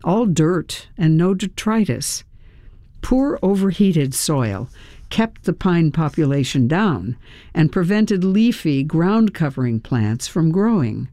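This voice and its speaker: A woman reading her own memoir aloud in an unhurried, reflective way, with soft laughs. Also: deep voice, very animated, no echo, studio quality. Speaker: memoir reader.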